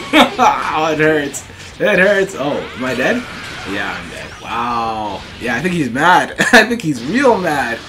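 An excitable man calls his fighting game matches live, his pitch leaping all over as he taunts the other player and laughs. Game music plays clearly behind his voice throughout. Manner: excitable, trash-talking, laughs and shouts often. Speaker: gaming channel host. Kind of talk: live gameplay commentary. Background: fighting game music and sound effects.

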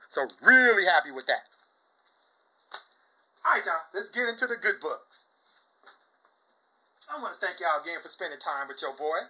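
A young man chatting casually about his comic book finds, exuberant, saying "y'all" often and bursting into loud shouts and laughs. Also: on the high side, poor audio. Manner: exuberant, says "y'all" a lot. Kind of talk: casual chat.

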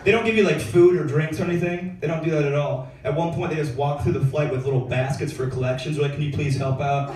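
Heard from far off in an echoey club, a young man performs stand-up for a live audience, telling stories casually with lots of slang and fillers. His slightly high voice has a darkish tone, and he talks fast with few pauses.

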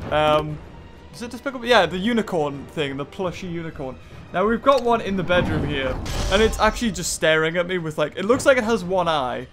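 A British man giving chatty, excitable let's-play commentary from his bedroom at home, thinking out loud and laughing often. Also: sits high. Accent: British English. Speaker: gaming channel host.

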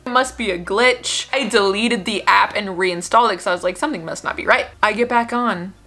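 Bright-voiced woman telling a dramatic story. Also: mid-range voice, normal speed, soft background music. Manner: animated, dramatic storytelling with exasperated asides. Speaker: vlogger. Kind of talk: storytime vlog.

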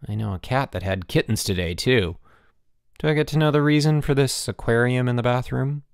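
A man puts on a cocky schoolboy ringleader in an audiobook, always ready with a sarcastic quip. He sounds bossy and quick-witted. The recording is dry and close. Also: medium pitch, vocal fry, clear, resonant tone, no echo, lightly acted. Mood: wisecracking.

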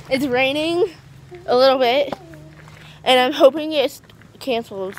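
A woman's voice: high voice, expressive, a little slow, noisy background. A teenage girl chatting casually to her vlog camera, tired, rambling and restarting her sentences with giggles. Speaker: vlogger.

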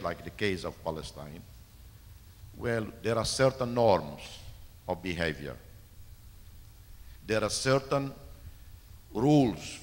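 A man from East Timor delivers a formal keynote in a low, measured voice, leaning on repeated words for emphasis. The sound carries the long reverb of a large university auditorium. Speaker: keynote speaker. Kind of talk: formal speech with audience Q&A. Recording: reverberant lecture hall.

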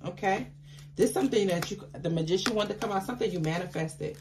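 A woman giving a tarot card reading to her viewers, chatty and affectionate, with excitable bursts of laughter and exclamations. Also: mid-range voice, fast talker, noisy background. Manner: chatty, affectionate, calls listeners baby.

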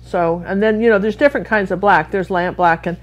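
A woman's voice: medium pitch, fairly quick. A middle-aged American woman from Washington State, giving a chatty, rambling live painting lesson full of friendly asides. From Washington State, USA. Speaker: art instructor.

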